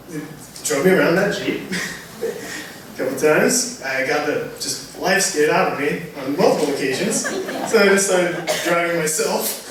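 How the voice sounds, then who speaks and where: Young guy cracking jokes about his buddy at a memorial, pitch a bit high, noisy room. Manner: joking, laughing storyteller. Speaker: friend of the deceased. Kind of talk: memorial tribute speech. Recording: very echoey, distant, noisy.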